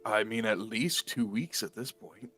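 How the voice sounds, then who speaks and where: A man's voice: on the low side, lively intonation, measured pace, sharp tone, faint music behind. A man playing a tabletop game as a player, haggling in a wry way. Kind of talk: tabletop role-play.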